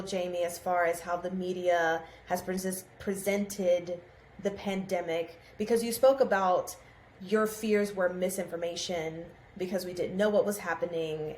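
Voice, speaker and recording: A woman co-hosting a horror podcast, leading the casual chat with long questions full of fillers. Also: mid-range voice. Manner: steers the talk with long, filler-laden questions. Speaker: podcast co-host. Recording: echoey room with faint background hiss.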